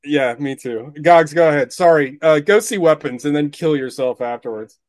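A high-voiced man rants through a casual podcast chat, swearing often and sounding thoroughly exasperated. The sound is dry and close, with no room around him. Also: normal speed, dry recording. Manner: profane, ranting, exasperated. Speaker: podcast co-host. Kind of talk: casual movie-review chat.

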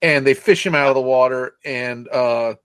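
A man co-hosting a podcast, loosely retelling a movie plot with profanity and quick silly voices. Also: mid-range voice, fairly bright tone, clear, resonant tone, no echo. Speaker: podcast co-host recapping a film. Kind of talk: casual chat.

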